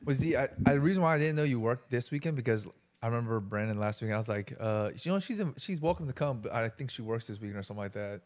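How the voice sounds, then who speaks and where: A man's voice: mid-range voice, lively intonation, rapid-fire. A man hosting a podcast, chatting casually and telling stories with laughter among friends. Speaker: host.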